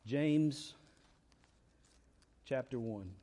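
A man's voice: medium pitch, drawn-out words, dark tone. A man preaching a sermon, repeating key lines and asking rhetorical questions. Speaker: pastor. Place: church.

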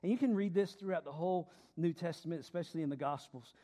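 A middle-aged male pastor preaching a sermon, dropping to hushed tones and rising to loud emphasis, asking his listeners questions and joking with them. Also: a little high, quick pace. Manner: asks the congregation questions, jokes with them.

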